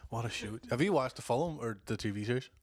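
A man's voice: mid-range voice, lively intonation, fast talker, dry recording, studio quality. A man in casual podcast chat, swearing freely and quoting comedy shows. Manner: swears a lot, laughs often, quotes shows. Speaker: podcast co-host.

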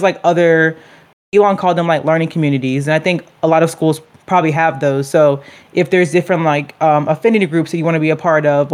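A woman's voice: low-pitched, a little mellow. A young woman co-hosting a casual chat, rambling with frequent "like" and restarts. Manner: rambling, many fillers and restarts. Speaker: co-host.

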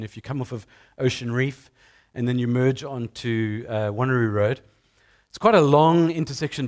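A middle-aged man, preaching a sermon as a pastor in an animated storytelling way. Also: medium pitch. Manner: storytelling, animated with acted-out sounds.

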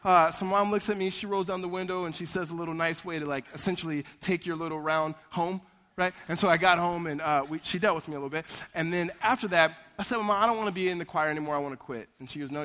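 Lively high-voiced man preaching in a hall. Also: fast. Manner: animated, conversational storytelling with repeated "right?". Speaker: pastor. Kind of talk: sermon. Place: church sanctuary.

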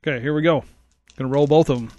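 A man's voice: on the high side, steady tone, fast talker, darkish tone, no room sound, muffled recording. A young man playing a tabletop game, playful and laughing often. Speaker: player. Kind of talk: casual tabletop game chat.

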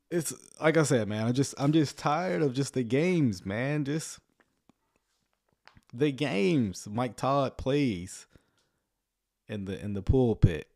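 A man giving casual livestream commentary on a sermon, sarcastic and rambling, often chuckling and filling pauses with "um.". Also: medium pitch, darkish tone. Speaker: online commentator reacting to a sermon.

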